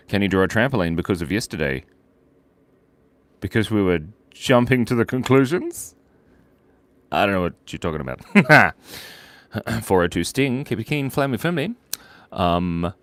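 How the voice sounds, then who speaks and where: A man's voice: fairly low pitch, no room sound. A man hosting a casual live drawing stream, reading viewer chat aloud, telling silly jokes and giggling often. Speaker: livestream host drawing for viewers.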